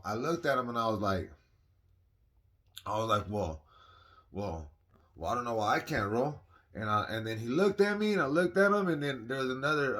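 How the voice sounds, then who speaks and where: Man from Northern California, bright voice, casual slangy storyteller, rambling, acts out the dialogue. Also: lowish voice. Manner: slangy, rambling, animated retelling with quoted dialogue. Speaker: vlogger telling his story.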